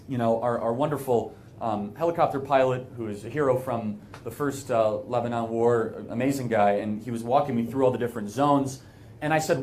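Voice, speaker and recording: A man's voice: mid-range voice, fairly quick, a little mellow, slight background noise. An American man speaking as a guest speaker to a live audience, earnest and emphatic, with frequent fillers and restarts.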